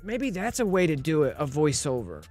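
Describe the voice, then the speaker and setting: A man's voice: a little high, wildly swooping pitch, moderate pace, darkish tone, faint music behind. A man streaming live, rambling and thinking aloud in casual talk, often repeating himself and asking if you know what he means.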